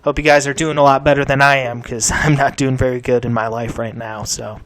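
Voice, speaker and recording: A young man hosting a gaming channel, ranting angrily and swearing, swinging from low mutters to shouts, his mouth sore. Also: fairly even intonation, brisk, no echo. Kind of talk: angry vent to camera.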